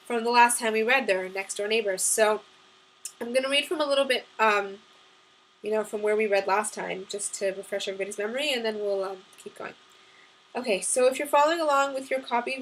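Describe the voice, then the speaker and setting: A woman's voice: mid-range voice, a bit bright, a little hiss or hum, low-quality recording. A woman reading aloud from her own novel, chatting casually with ums before she begins. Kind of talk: audiobook-style chapter reading.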